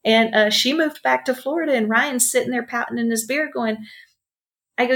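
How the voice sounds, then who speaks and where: A woman's voice: on the high side, steady tone, quick pace. A middle-aged woman, a ranch owner, chatting in an interview and telling stories with lots of ums and asides. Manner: chatty, warm storyteller with many fillers. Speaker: ranch owner and bar owner, guest. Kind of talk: casual interview storytelling.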